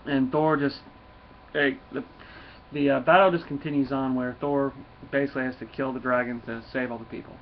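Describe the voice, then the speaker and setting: A man's voice: mid-range voice, fairly even intonation, a little fast. A man casually recapping a comic book, rambling with restarts and chuckles. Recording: dull lo-fi with faint noise.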